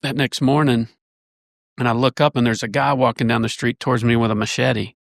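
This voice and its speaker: A man with a gravelly, mid-range voice tells a winding story, restarting his sentences as he goes. He speaks casually and with animation as a church elder guesting on a podcast. The sound is dry and close. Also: mid-range voice, level tone, fairly quick, no echo.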